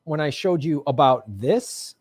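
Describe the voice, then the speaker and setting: A man's voice: on the high side, a little slow, dry recording, clean studio sound. A man hosting an online political commentary show, talking bluntly and sarcastically and swearing often. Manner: sarcastic and animated.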